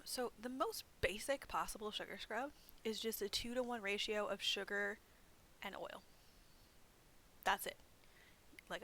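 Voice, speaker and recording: Chatty young woman with a bright voice. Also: mid-range voice, slight background noise, low-quality recording. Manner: chatty and self-deprecating, many fillers. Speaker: library program host. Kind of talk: casual craft demonstration.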